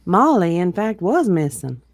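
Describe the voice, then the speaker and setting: Expressive reader narrating a novel aloud. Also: mid-range voice, a little slow, dry recording. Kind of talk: reading a novel aloud with banter.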